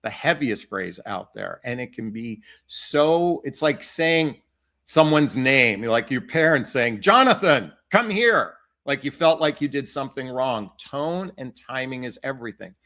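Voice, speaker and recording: A man's voice: medium pitch, unhurried, a bit bright. A man giving dating advice as a coach, emphatic and repeating his key phrases. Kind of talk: advice talk to camera.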